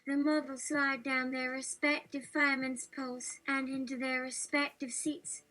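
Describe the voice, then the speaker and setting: Woman, synthetic reading voice, high-pitched, monotone, breathy, hesitant. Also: normal speed, poor audio. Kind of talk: synthetic text-to-speech reading.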